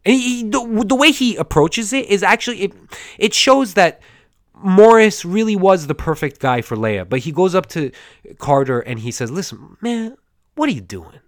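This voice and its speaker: A man's voice: high-pitched, animated, moderate pace, no room sound, studio quality. A man hosting a podcast, recapping a movie in a rambling, digressive way, stammering and acting out the characters' lines, his throat a bit scratchy. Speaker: podcast host.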